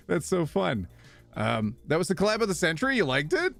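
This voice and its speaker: A man's voice: on the high side, moderate pace, gravelly, soft background music. A man live streaming, chatting casually with viewers, reading their messages aloud and laughing often. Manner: animated, reads chat aloud and laughs a lot.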